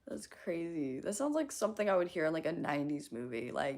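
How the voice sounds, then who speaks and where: A woman's voice: deep voice, very animated, normal speed, pauses often, darkish tone. A woman live-streaming in casual chat, giggling often, reading chat aloud and swearing casually.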